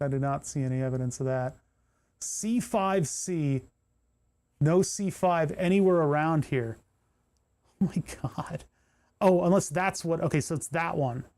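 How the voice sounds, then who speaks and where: A man's voice: on the high side, a little mellow. A man streaming live while soldering, explaining each step and muttering with frustration as he searches for parts. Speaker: streamer building electronics kits. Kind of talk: casual livestream commentary while soldering.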